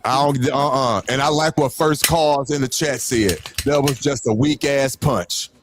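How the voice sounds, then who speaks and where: A man's voice: medium pitch, measured pace, over music. A man in his fifties co-hosting a podcast, insistently laying out hypotheticals with stumbling restarts. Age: 50s. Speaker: podcast co-host. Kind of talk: casual debate.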